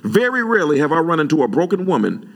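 A man preaching a sermon, animated and conversational, jumping high in pitch when he retells his own words. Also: fast talker, creaky. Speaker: pastor.

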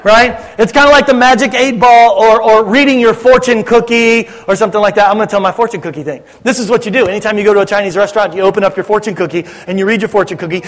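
A pastor delivering a sermon in a loose, conversational way, teasing his congregation and checking they're listening. His voice sits high for a man. The sound rings with a long hall reverb. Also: quick pace, few pauses. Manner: conversational, joking, addresses congregation directly.

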